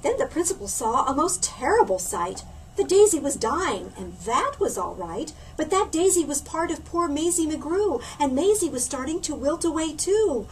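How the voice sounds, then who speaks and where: Woman story reader, high voice, lively swooping delivery, sounds a bit away from the mic, faint background noise. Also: moderate pace, distant mic, low-quality recording. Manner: lively, expressive storybook reading with put-on voices. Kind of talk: reading a picture book aloud to children.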